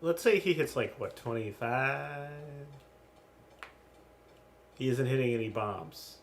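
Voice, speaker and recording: A man's voice: medium pitch, slow pace. Casual, rambling man chatting. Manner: rambling storyteller, swears, animated when telling anecdotes. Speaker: podcast co-host. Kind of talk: casual chat.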